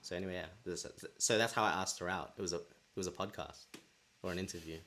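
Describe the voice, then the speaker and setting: A man's voice: low-pitched, fast. Young man telling a story animatedly. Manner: animated storyteller who acts out his own past thoughts. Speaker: podcast co-host. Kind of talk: casual storytelling chat.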